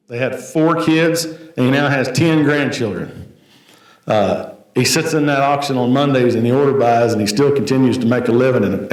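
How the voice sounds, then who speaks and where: A man, an auctioneer, giving a plain-spoken, story-filled tribute speech at an award event. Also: mid-range voice. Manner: folksy, anecdotal, plain-spoken. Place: banquet hall. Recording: echoey hall, voice from a distance.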